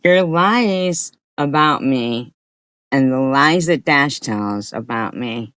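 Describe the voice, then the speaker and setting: Brief: woman streamer, slow-talking and indignant, swears freely, dry close sound. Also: rumbling low, lively intonation, a bit bright, smooth, no room sound. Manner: indignant, profane, rambling. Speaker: livestreamer. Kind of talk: commentary livestream.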